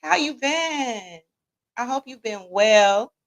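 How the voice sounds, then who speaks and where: A woman with a Midwestern American accent hosts a casual livestream, chatting and joking with her viewers. Her voice sits a little high and swings up and down with lively energy. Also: slow. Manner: lively, joking, talks to the chat. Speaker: podcast host reading live chat.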